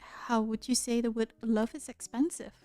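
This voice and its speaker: Young Malaysian-accented woman, livestream host, curious and chatty, light laughs, slightly high voice, dry close mic, faint music behind. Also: steady tone, moderate pace, warm tone, no echo. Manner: curious, chatty, laughs often, many restarts. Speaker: streamer. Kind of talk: casual livestream chat with viewers. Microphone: close studio mic.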